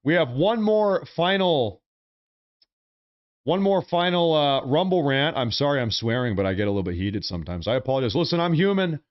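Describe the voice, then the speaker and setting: A man's voice: mid-range voice, animated, normal speed, lo-fi sound. An American man hosting a political livestream, ranting in a fiery, emphatic way and often repeating his phrases. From United States. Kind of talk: heated live commentary rant.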